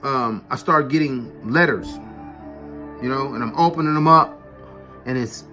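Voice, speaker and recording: In an unhurried, sharp-toned, mid-range voice, a man shares a story from his school years on his vlog, faint music behind him. The telling is easygoing and profane, full of street slang and "you know what I'm saying."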